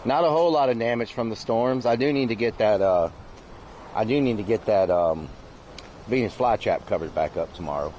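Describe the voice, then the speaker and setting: A man's voice: on the low side, expressive, brisk, darkish tone, slight background noise. A man hosting a casual outdoor live stream, drawling loose jokes and asides to his chat. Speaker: livestream host.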